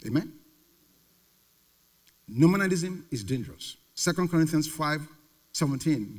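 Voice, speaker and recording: Man preaching in a big echoey hall, high voice jumping all over, repeats his words for punch. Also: lively intonation, a little slow, long pauses, a little mellow. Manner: emphatic preaching, repeats key words, rhetorical questions. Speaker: pastor. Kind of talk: sermon. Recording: reverberant hall.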